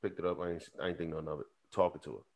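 A man's voice: low-pitched, rapid-fire. A man co-hosting a podcast, telling a story in casual chat, acting out both sides of a phone call and cursing freely. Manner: animated storyteller, acts out phone calls, swears freely. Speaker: podcast co-host.

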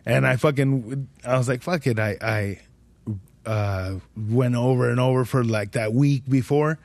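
A man's voice: medium pitch, unhurried, vocal fry, darkish tone, no room sound. A young man telling a long story on his podcast, swearing constantly and rambling. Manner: heavy swearing, slangy, rambling. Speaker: podcast host. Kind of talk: casual storytelling.

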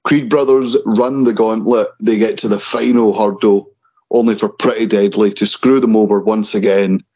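Co-host, male, low register, loose chatty delivery that trips over names. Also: fairly even intonation, moderate pace, a little mellow, rough recording. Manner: stumbles and restarts over names. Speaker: wrestling podcast co-host. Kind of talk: casual chat.

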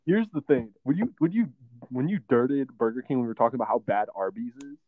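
A man's voice: mid-range voice, lively intonation, brisk, no echo. Young man on a tinny, phone-like line. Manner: laughs often, slangy and loose. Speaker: podcast co-host. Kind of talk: casual podcast chat.

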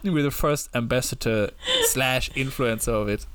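A man's voice: medium pitch, normal speed, a bit bright, slight background noise. Joking man chatting on a podcast. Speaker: podcast co-host. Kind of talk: casual chat.

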